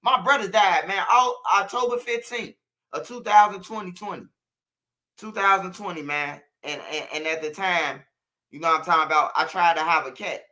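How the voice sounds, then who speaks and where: A man's voice: high voice, normal speed, pushed and bright. A man from Chicago with a Chicago accent, hosting his channel, talking straight to viewers in a slangy, repetitive, preachy monologue. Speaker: channel host.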